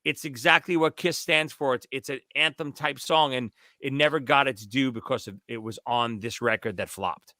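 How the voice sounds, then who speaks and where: Bright, emphatic podcast co-host. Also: male voice, medium pitch, normal speed, hardly any pauses, dry recording, clean studio sound. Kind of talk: casual chat.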